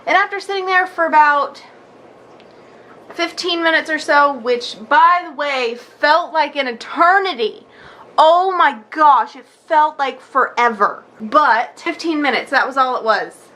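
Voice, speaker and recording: A young woman vlogger telling a story in a chatty, animated way, acting out what people said. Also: sits high, measured pace. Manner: chatty, animated, acts out quotes with many likes. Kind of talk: casual storytelling vlog.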